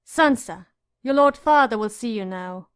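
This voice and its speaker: A woman's voice: fairly high pitch, moderate pace, natural voice. A woman reading an audiobook, voicing a strict older governess who scolds firmly. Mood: stern. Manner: scolding and firm.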